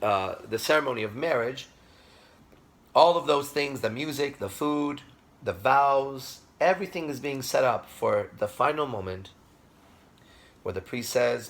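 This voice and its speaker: A man's voice: medium pitch, moderate pace, a bit bright. A man giving a classroom lecture, speaking with emphasis, repeating himself and checking that the class agrees.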